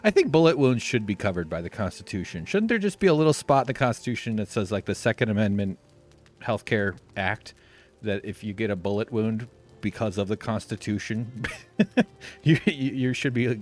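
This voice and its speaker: A man from the United States hosting a live stream, talking in a rambling, sarcastic way with deadpan jokes. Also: lowish voice. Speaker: livestream host. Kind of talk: casual live-stream chat.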